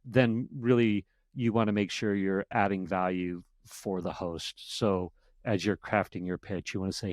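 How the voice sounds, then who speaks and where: A man with a fairly low voice talks as a guest on a podcast. He tells animated stories and acts out sample emails in quotes. The sound is dry and close, with no room around it. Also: moderate pace, no room sound. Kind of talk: casual interview chat.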